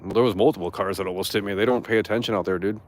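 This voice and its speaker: A young man talks to his stream chat in a rambling, indignant rant. His voice sits a bit low, and the words come loose and profane, full of restarts. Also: steady tone, racing.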